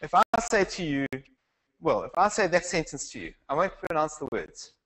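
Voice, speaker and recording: A man's voice: on the high side, sing-song, moderate pace, fairly bright tone, rough recording. A man teaching a Bible class in a conversational lecture style, asking the class questions and restarting his sentences. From South Africa.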